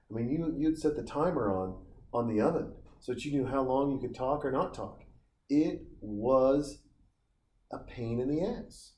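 A medium-pitched, mellow voice belongs to a man in his forties from Montana, USA, casually telling profane stories outdoors on summer vacation and veering into tangents. There's slight background noise, and the sound is roomy with faint ambience.

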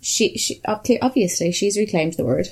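A woman's voice: medium pitch, moderate pace, darkish tone, breathy edge. An Irish woman co-hosting a podcast, telling stories in a chatty, swearing way. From Ireland. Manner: chatty and profane, storytelling. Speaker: podcast co-host. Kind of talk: casual chat.

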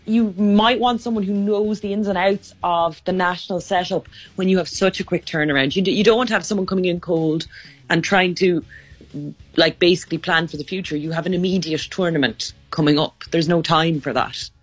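A woman's voice: on the low side, fairly even intonation, fairly quick, faint music behind. Opinionated woman. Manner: emphatic, opinionated. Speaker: panelist. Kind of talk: casual sports chat.

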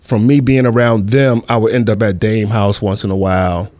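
A man's voice: lowish voice, little pitch movement, moderate pace, a little mellow. A middle-aged man from New City, telling stories in a casual interview, rambling and leaning on fillers. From New York City. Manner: laid-back, rambling, many fillers. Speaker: guest.

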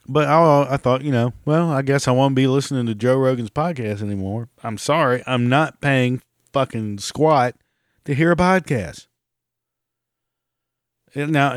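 A man's voice: mid-range voice, dry recording, studio quality. Sarcastic, cursing man in his forties. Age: 40s. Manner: sarcastic, profane, mocking. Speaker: podcast host. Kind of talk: casual ranting monologue.

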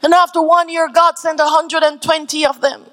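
A woman pastor preaches with a high, ringing voice. She drives her points home through repetition and rises into shouted climaxes. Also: little pitch movement, normal speed. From Canada. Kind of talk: sermon.

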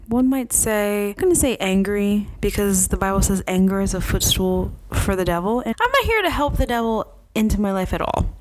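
A young adult woman hosting her own podcast, telling a story in a chatty, animated way full of fillers and asides. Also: medium pitch, dry recording, poor audio. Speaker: podcast host. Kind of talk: casual faith-based podcast monologue.

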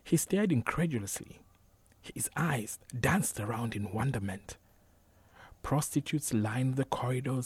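A man reading a novel aloud as a narrator, measured and unhurried, sometimes dropping to a whisper. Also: mid-range voice, darkish tone, breathy edge, no room sound. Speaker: audiobook narrator. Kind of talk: scripted narration.

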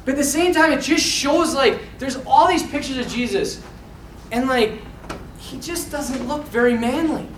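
A man giving an informal, animated talk to a group of young men, in a casual style. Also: very high voice, moderate pace, slight background noise. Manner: animated, casual, quotes scenes with feeling. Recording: echoey room from far off.

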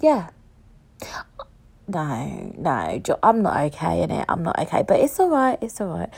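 A woman's voice: fairly low pitch, sing-song, moderate pace, creaky, a little mellow, slightly rough. Woman, young adult, solo podcast host, casual rambling chat, self-mocking jokes. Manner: rambling, jokey, self-mocking, jumps between thoughts.

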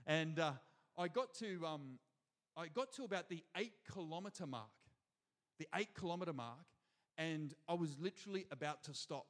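An Australian man preaches in a high, bright register with lively energy. He keeps calling out to the congregation from the front of a church hall. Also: moderate pace. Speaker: pastor. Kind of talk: sermon.

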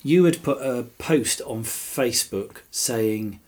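A man hosting a podcast, introducing a bedside chat and gently asking questions from the foot of the bed. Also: mid-range voice, slow. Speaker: podcast host. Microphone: microphone at the foot of the bed.

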